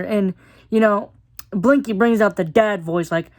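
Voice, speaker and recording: A woman's voice: mid-range voice, moderate pace, a little mellow. A woman giving a casual, chatty episode review. She uses lots of fillers and laughs now and then.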